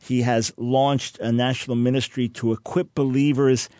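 A man's voice: medium pitch, level tone, moderate pace, dark tone, dry recording. A man hosting a radio talk show from his studio, interviewing guests with enthusiasm.

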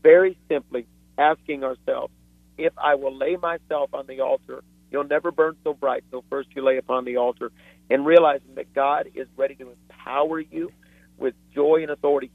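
A man's voice: mid-range voice, steady tone, normal speed, vocal fry, dry recording. Fervent preacher man on a phone line. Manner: fervent, earnest, storytelling. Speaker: guest author and preacher. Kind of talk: impassioned preaching on a talk show. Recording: dry tinny phone line.

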